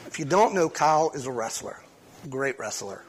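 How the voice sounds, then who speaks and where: A pastor reading a psalm aloud and then preaching a short sermon at a church service, talking conversationally with frequent restarts. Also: male voice, mid-range voice, animated, normal speed, slight background noise. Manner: conversational, with frequent restarts and sudden swings in loudness.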